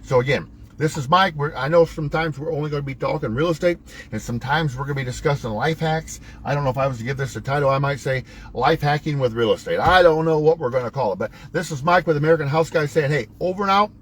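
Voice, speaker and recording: A fairly high-voiced man gives a motivational talk as host, preachy and emphatic. His voice swings up and down as he coaches, folksy and a little self-mocking. A faint hiss of noise sits under his voice. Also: fast talker, fairly bright tone, poor audio.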